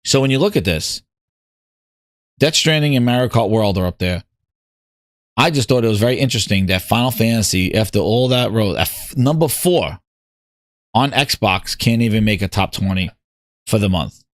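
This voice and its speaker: A man hosting a casual gaming talk show, ranting with an animated, sarcastic delivery. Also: medium pitch, dry recording, clean studio sound. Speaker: host.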